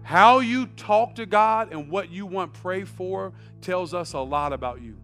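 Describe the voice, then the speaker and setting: Man, American pastor, high voice, sermon, conversational then shouting, repeats words, church, faint music behind. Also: unhurried. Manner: swings from quiet conversational asides to loud shouted emphasis; repeats words and restarts phrases. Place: church sanctuary.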